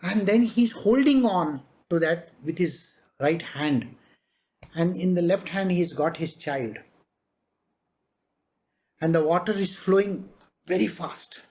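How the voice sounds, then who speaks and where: A spiritual master delivers a devotional discourse, slowly telling a parable and chuckling frequently. His mid-range voice is animated, with a darkish tone.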